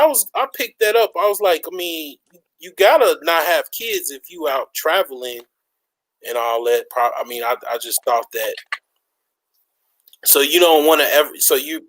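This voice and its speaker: A man's voice: fairly high pitch, lively intonation, moderate pace, fairly bright tone, no room sound, low-quality recording. Laid-back slangy young man, dry sound. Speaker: host. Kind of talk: casual chat.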